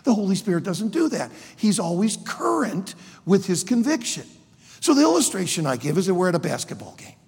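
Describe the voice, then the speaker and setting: A man preaching a sermon to students, emphatic and animated, with sudden loud outbursts. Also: high voice, a little fast, gravelly, slightly rough. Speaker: preacher and college teacher. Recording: long hall reverb.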